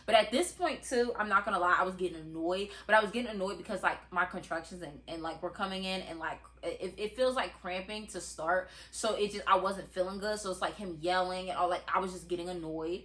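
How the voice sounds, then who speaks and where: A young woman telling a personal story in a casual, animated, chatty way, full of fillers. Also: on the low side, fairly quick, few pauses. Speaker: podcast host.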